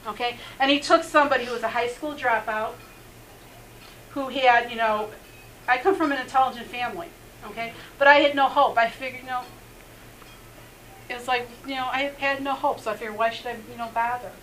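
Middle-aged lady rabbi telling her testimony, kinda high bright voice, laughs a lot, lots of you knows. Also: fairly even intonation, brisk, pauses often, a little hiss or hum, poor audio. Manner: earnest, laughs often, many "you know" fillers. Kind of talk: personal testimony in a faith interview.

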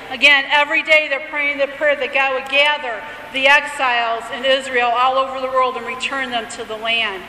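A woman gives a teaching sermon in a high, bright voice. She alternates between reading prayers aloud and explaining them in a conversational way. The sound is echoey, with a long reverb and faint room ambience behind her. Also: little pitch movement, normal speed, hardly any pauses, recorded from a distance, slight background noise. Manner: reads liturgy aloud then explains it conversationally. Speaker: Bible teacher.

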